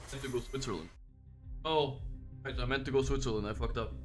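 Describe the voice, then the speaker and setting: A man streaming a game, chatting casually with his viewers, swearing freely and reacting out loud. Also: mid-range voice, fast, faint music behind. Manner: swears freely, reacts loudly, talks to chat. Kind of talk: casual livestream chat while gaming.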